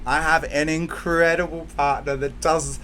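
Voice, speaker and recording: A man with a slightly raised voice speaks straight to his viewers in a heartfelt monologue. He is emotional and close to tears, dropping to near-whispers and then surging into loud outbursts. A faint hiss sits under the recording. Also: a little high, little pitch movement, unhurried. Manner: heartfelt, swinging between hushed and loud bursts. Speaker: channel host. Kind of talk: emotional direct-to-camera monologue.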